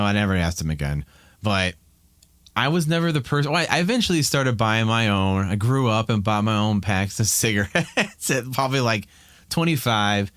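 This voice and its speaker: A man's voice: fairly low pitch, animated, moderate pace, fairly bright tone, smooth, no room sound, studio quality. A man in his thirties from Ohio, a podcast guest talking candidly and rambling with many restarts in casual chat.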